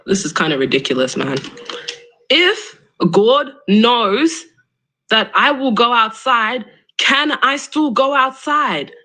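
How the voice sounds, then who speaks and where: A woman's voice: a little high, sing-song, slow, sharp tone, rough recording. A young woman hosting a live debate stream, argumentative and exasperated, pressing her question again and again. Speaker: livestream debate host.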